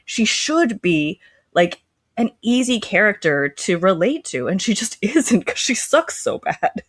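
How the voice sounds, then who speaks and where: A woman's voice: medium pitch, sing-song, a little slow, dry recording. A woman co-hosting a book podcast, chatting casually and rambling with many fillers. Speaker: podcast co-host.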